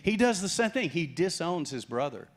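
A middle-aged man preaching a sermon, animated and acting out the voices of the people he quotes. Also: a little high, normal speed. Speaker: pastor.

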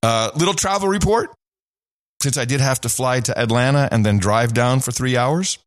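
A man's voice: mid-range voice, moderate pace, no echo. A man co-hosting a casual talk show, laughing often and telling stories. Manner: laughs often, animated storytelling. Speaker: podcast co-host. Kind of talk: casual chat.

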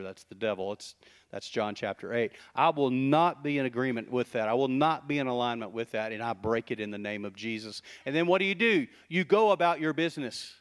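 A middle-aged man giving a sermon as pastor, talking conversationally with quick asides and rhetorical questions. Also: medium pitch, expressive.

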